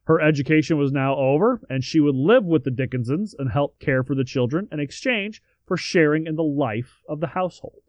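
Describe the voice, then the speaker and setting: A man's voice: on the high side, expressive, brisk, hardly any pauses, no echo, dull audio. A man co-hosting a podcast, reading out history in a casual way with joking asides and the odd swear word. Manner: reads facts then adds joking asides and swearing. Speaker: podcast co-host.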